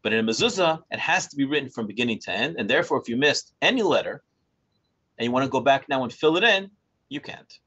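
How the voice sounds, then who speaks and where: An older man in his sixties, a Torah scribe, tells a story to a small group with a husky, slightly breathy voice. His pitch swings widely as he acts out dialogue, and he chuckles often while talking. The recording sounds dull and lo-fi. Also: lively intonation, fast, fairly bright tone.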